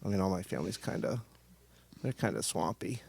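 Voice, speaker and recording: Deadpan comedian man, low voice. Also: a little fast, vocal fry, dry recording. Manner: deadpan, rambling jokes. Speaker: comedian guest. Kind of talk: casual podcast chat.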